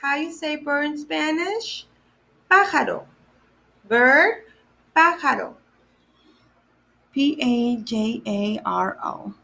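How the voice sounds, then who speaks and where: Poor audio carries a woman's high, pushed, bright voice as she teaches children Spanish words at a day camp. She repeats every term slowly and spells it out letter by letter.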